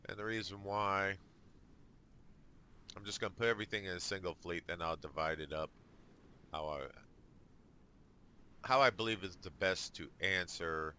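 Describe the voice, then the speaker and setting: A man's voice: low-pitched, moderate pace, long pauses, bright, forceful tone, a little hiss or hum. A man giving casual let's play commentary on a strategy game, thinking aloud with dry jokes. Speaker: gamer.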